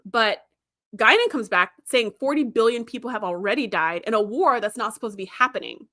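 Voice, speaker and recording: Chatty woman host, casual livestream commentary, laughs often, sharp bright tone. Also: fairly high pitch, expressive, brisk.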